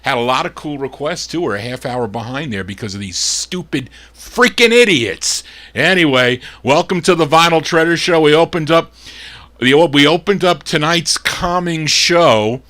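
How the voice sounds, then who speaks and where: A man's voice: on the high side, animated, normal speed, pushed and bright. Fed-up man hosting an oldies show. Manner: gruff and fed up, grumbling between record introductions. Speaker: radio show host and record DJ. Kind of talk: live oldies show patter.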